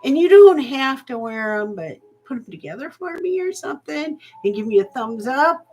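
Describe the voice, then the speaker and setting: A woman's voice: sits high, very animated, darkish tone, faint music behind, rough recording. A woman hosting a live-streamed jewelry auction, chatting with viewers and thanking them as she calls the bids. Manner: slow, chatty, thankful, with fillers. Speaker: live jewelry sale host.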